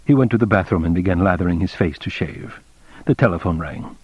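Brief: male narrator, measured clipped reading, husky, dry lo-fi sound. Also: sits low, no echo. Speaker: audiobook narrator. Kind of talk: scripted narration. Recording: dull dry lo-fi recording.

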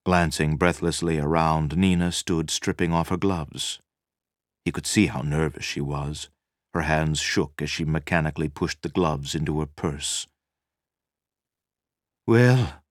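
A man reading a novel aloud as narrator, measured and dramatic. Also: rumbling low, steady tone, dry recording, studio quality. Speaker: audiobook narrator. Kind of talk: scripted narration.

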